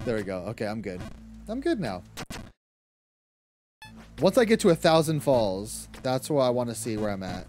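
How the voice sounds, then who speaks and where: A man's voice: mid-range voice, very animated, moderate pace, pauses often, over music. A young man streaming a game, chatting casually, reading chat aloud, laughing often and swearing freely. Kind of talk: casual live-stream chat while gaming.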